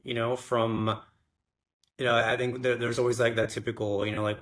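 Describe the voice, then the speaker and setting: A man, the interviewer, asking questions in a halting way, with many restarts and fillers. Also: medium pitch, flat delivery, fairly bright tone. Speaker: interviewer, director. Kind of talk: conversational interview.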